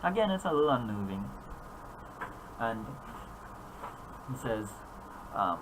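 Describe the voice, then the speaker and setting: A man's voice: medium pitch, very animated, slow, pauses often, a little hiss or hum, rough recording. A man narrating as game master, rambling with frequent fillers and restarts.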